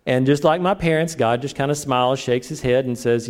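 A middle-aged man preaching a sermon, animated and joking, acting out his own prayers. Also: mid-range voice, a little fast, hardly any pauses. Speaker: pastor.

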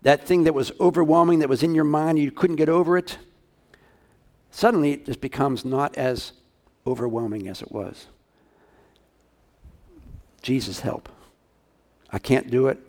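A man's voice: a little high, normal speed, a little mellow. A male pastor preaching a sermon, talking casually and asking his congregation questions.

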